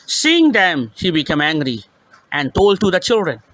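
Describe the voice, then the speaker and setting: A male teacher reading a children's story aloud with emphasis, pausing to repeat and explain each line in simple words. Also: fairly high pitch, big pitch swings, fairly bright tone, no room sound, rough recording.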